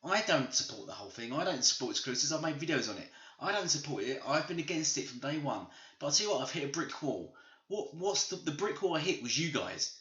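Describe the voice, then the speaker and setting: Ranting man, bright voice. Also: fairly high pitch, very animated, quick pace. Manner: ranting, repetitive, emphatic. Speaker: gaming channel host. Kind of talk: opinionated video commentary. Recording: roomy, slightly dull home recording.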